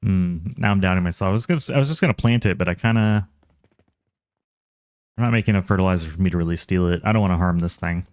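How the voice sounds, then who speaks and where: This is casual game-stream commentary from a man with a Texas accent who laughs a lot and talks both to himself and his chat. His voice is low and quick, and the recording is dry.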